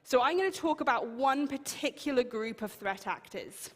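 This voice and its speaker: A woman's voice: high voice, lively intonation, moderate pace. A woman from the United Kingdom with a British accent, giving a conference talk in a chatty, self-deprecating and emphatic way. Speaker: keynote speaker. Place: large conference hall. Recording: long hall reverb.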